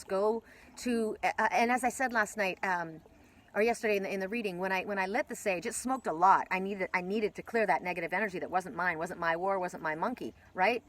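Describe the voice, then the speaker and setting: A woman's voice: mid-range voice, poor audio. A woman giving a casual spiritual oracle card reading, rambling with many restarts and casual swearing.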